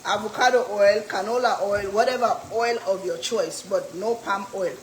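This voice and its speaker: A middle-aged woman from Africa hosts a cooking channel from her home kitchen, chatting casually with viewers by name while she cooks live. Her voice is medium in pitch and moderate in pace, with slight background noise, and the echoey kitchen carries the sound of sizzling oil.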